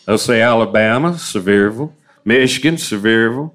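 A man's voice: on the low side, fairly quick, fairly bright tone. Folksy drawling Southern man. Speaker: comedy duo performer. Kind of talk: stand-up banter before a live crowd.

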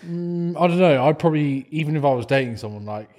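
A man's voice: a little high, animated, fast talker, a little mellow. A man, co-hosting a casual podcast and teasing his friend with short, easy replies. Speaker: podcast co-host. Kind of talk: casual chat.

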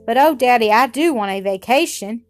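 A woman's voice: fairly high pitch, animated, normal speed, soft background music, close to an everyday voice. A woman doing a tearful young girl. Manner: tearful, pleading.

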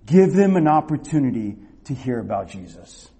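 A man preaching a youth sermon, telling a lively personal story and checking in with his listeners as he goes. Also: mid-range voice, normal speed, husky. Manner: animated storyteller, acts out shouted quotes, rhetorical "okay?" and "all right?".

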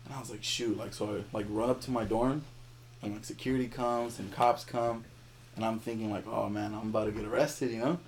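A young man, a podcast guest, telling a story in casual chat, animated and laughing as he acts out the people in it. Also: on the low side, brisk, slight background noise.

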